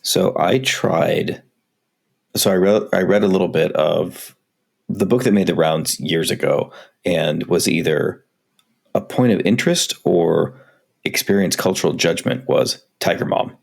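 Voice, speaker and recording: A man with a very low voice and a gravelly, fry-laden edge talks frankly on a podcast. His tone is husky rather than clean, and he is self-critical and quick to swear. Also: a little mellow. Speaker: podcast co-host. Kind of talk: casual podcast conversation.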